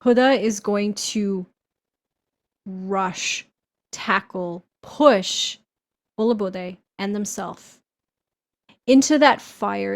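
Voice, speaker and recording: Woman player, unhurried and deliberate, mid-pitched. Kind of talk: describing her character's actions in a tabletop game.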